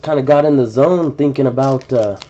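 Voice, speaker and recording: A man's voice: mid-range voice, brisk. A man hosting a card-breaking live stream, chatting casually and musing aloud as he goes, often restarting his sentences. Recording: dull lo-fi stream audio with faint noise.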